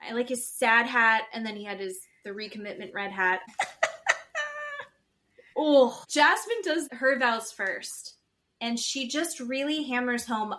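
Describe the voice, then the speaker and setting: A woman's voice: fairly high pitch, unhurried. A woman co-hosting a podcast, recapping a reality show in casual chat and bluntly judging the people in it. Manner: blunt, gossipy, animated retelling with quoted voices. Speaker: podcast co-host.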